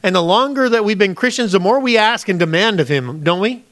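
A man's voice: high-pitched, lively intonation, brisk, a bit bright. A man, a pastor, preaching a conversational sermon, often acting out pleading prayers to God and addressing the congregation as folks.

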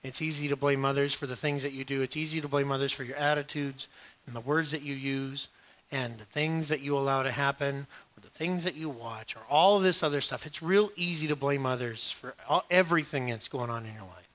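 A middle-aged male pastor preaching a sermon, joking and storytelling with sudden hushed asides. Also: mid-range voice, fairly quick.

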